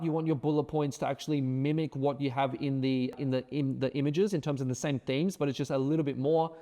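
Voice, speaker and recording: A man's voice: on the high side, mellow, big-room sound. A man teaching an online course, talking emphatically with lots of repeated words and tag questions like right and okay. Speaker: course instructor. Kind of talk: screen-share tutorial.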